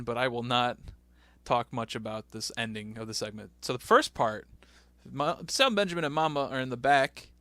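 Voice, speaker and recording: A man with a bright, forward voice recaps a show in loose podcast chat. He is blunt and swears freely. The sound is dry and close. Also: medium pitch, no room sound. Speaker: podcast co-host recapping episodes. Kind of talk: casual chat.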